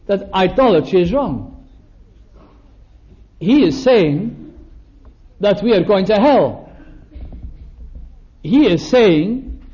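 An older man preaching a sermon, slowing down to stress key words and acting out small exchanges. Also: high voice, a little mellow. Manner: slows down for emphasis, acts out little dialogues. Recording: dull lo-fi recording.

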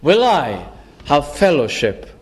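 Slow, deliberate preacher man. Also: on the high side, huge pitch swings. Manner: slow, deliberate, repeats phrases for emphasis. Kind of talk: sermon.

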